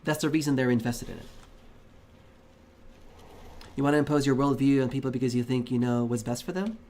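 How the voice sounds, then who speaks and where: A man's voice: medium pitch, very fast, a little mellow. A man livestreaming, arguing heatedly with his chat in a casual, profane rant.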